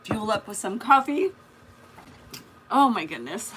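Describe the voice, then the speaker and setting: A woman hosts a casual live craft stream, chatting and greeting viewers by name while she works. Her mid-range voice is animated and unhurried, with a fairly bright tone. There's a little hiss or hum in the audio.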